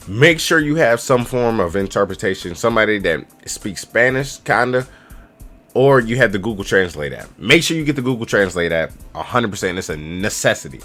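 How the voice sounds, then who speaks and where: A man's voice: lowish voice, fairly bright tone. A man in his twenties giving loose, slangy, rambling travel advice straight to camera as a casual vlogger. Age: 20s.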